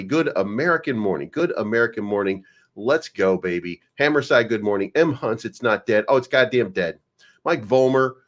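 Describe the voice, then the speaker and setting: A man's voice: on the low side, dull audio. A man hosting a crypto livestream, rambling and joking with casual swearing. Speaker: crypto live-stream host.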